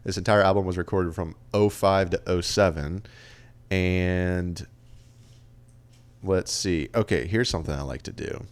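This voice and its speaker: A man's voice: low voice, unhurried. A man in his late twenties co-hosting a podcast, chatting casually and reading out album stats and review quotes. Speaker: podcast co-host. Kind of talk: casual chat.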